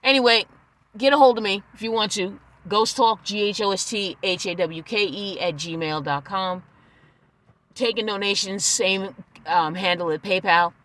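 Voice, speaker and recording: A woman's voice: mid-range voice, normal speed, no room sound. A woman hosting a solo podcast, ranting bluntly and with exasperation, swearing now and then. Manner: soft, tired sign-off. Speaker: podcast host.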